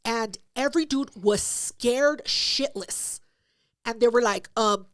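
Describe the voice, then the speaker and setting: Loud, high-voiced woman telling a wild story. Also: takes it slowly, no echo, studio quality. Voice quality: loud, profane, animated retelling with acted-out quotes. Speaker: podcast co-host. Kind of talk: casual storytelling chat.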